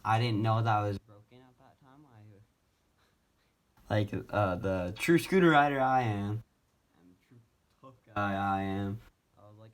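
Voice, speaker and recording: A man's voice: on the low side, lively intonation, a little slow. A young man casually telling a personal story on his vlog, rambling with many fillers and restarts, speaking from a wheelchair at home. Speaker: vlogger.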